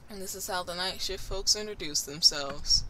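A gameplay commentator in casual let's-play talk who reads game dialogue aloud and gets loud and excited in fights. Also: medium pitch, moderate pace, slight background noise. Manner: reads on-screen text aloud, breaks into excited yelling during fights. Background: loud game music.

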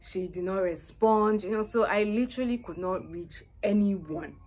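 A woman's voice: mid-range voice, normal speed, a little mellow. A woman sharing a personal faith testimony in an earnest, repetitive way. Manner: earnest, repeats herself with many "you know"s.

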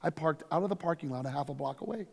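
A man, a lead pastor, teaching a conference workshop through energetic, emphatic stories. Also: a little high, quick pace, gravelly, slightly rough. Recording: long reverb from a hall.

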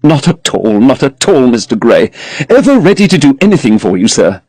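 A man's voice: medium pitch, very animated, normal speed, darkish tone, dry recording, voice pushed up. A man voicing an obsequious middle-aged male frame-maker in an audiobook, eager to please and short of breath. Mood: servile.

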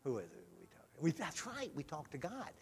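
A man's voice: on the high side, wildly swooping pitch, brisk, gravelly, breathy edge. Folksy man chatting with kids. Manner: gentle, questioning, folksy. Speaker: pastor leading a children's message. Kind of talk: friendly talk with children in church. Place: church sanctuary.

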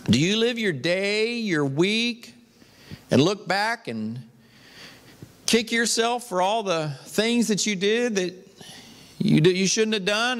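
A male pastor preaches with emphatic fervor, his fairly high voice rising and falling in wide swings. He takes his time with each phrase. The sound carries a long reverberant tail, as in a large church hall. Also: expressive, slow pace, pauses often, a bit bright. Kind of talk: sermon.

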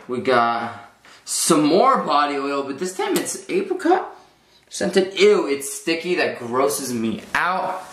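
Casting note: young man, slightly high voice, rambling self-conscious vlogger, echoey bathroom with faint hiss. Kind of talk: casual vlog chat.

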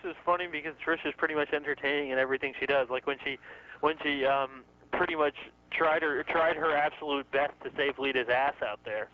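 A man's voice: a little high, steady tone, brisk. A man from New York co-hosting a podcast in casual chat, rambling with lots of fillers and restarts. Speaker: podcast co-host. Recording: dull lo-fi sound with faint noise.

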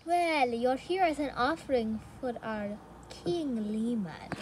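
A woman voicing a small cute alien creature minion, speaking slowly and matter-of-factly. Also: on the high side, expressive, noisy background, voice pushed down. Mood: solemn.

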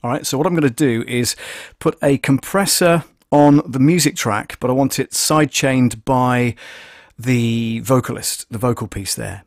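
This casual tutorial stream is hosted by a man who produces audio and talks through every step, often restarting and filling pauses as he thinks aloud. He speaks at a normal speed in an everyday middle pitch, captured dry with barely any echo.

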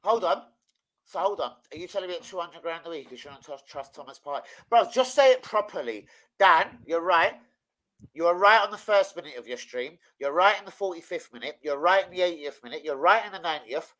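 A man hosting a football watch-along, ranting and swearing nonstop. His voice is very bright and sharp, with a pitch that leaps about wildly. He swings from loud shouting down to low muttering. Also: animated, a little fast, low-quality recording. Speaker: watch-along stream host. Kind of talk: heated football fan rant.

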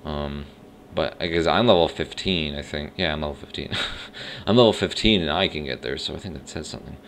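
A man's voice: a bass voice, brisk, a bit bright, slight background noise. A man giving casual gameplay commentary, rambling and unsure of himself as he thinks aloud. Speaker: let's play host. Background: faint game music.

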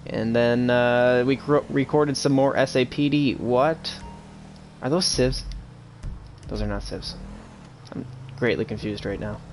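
A young man talks through a live stream of a police role-play game in a loose, rambling way, swearing freely now and then. His voice sits at an ordinary middle pitch. A faint hiss runs underneath. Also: measured pace, long pauses, darkish tone. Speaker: streamer playing a police officer.

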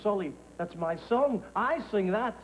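An actor playing a patient band member who leads a rehearsal in a TV sketch, talking in a plain, matter-of-fact way. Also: male voice, high voice, expressive, a little slow. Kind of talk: TV sketch comedy. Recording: noisy TV recording with studio audience.

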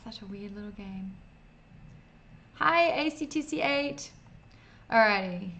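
A woman's voice: medium pitch, expressive, slow, sharp tone, a little hiss or hum. A woman streaming an old computer game in casual, self-mocking commentary, reading game text aloud as she plays.

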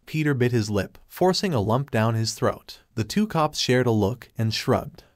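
A man narrating a fan fiction story in a steady, even storytelling delivery. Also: medium pitch, normal speed, few pauses, dry recording, studio quality.

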